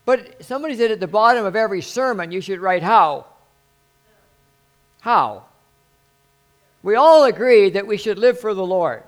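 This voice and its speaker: A pastor delivers his sermon in a high, light male voice, talking to his congregation like a friend and then pressing his point with sudden force. A steady low mains hum runs under the recording. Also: normal speed, pauses often. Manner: earnest, conversational preaching with sudden emphatic rises.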